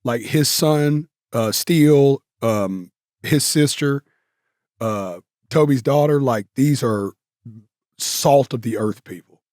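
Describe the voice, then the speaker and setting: A man's voice: medium pitch, slow, darkish tone, no echo, studio quality. A male guest telling stories in a casual interview, rambling with many fillers and restarts. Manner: rambling, filler-heavy, with self-corrections.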